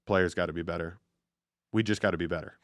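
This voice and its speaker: A man's voice: sits low, quick pace, no room sound, clean studio sound, voice pushed down, natural voice. A man doing a mocking impression of a terse, emotionless older male football coach. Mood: flat terse. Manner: monotone, emotionless.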